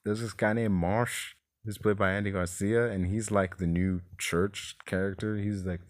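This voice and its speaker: A man hosts his own podcast and talks through a movie review in a loose, rambling way. He sounds exasperated. His voice sits somewhat low. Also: darkish tone, a little hiss or hum. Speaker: podcast host.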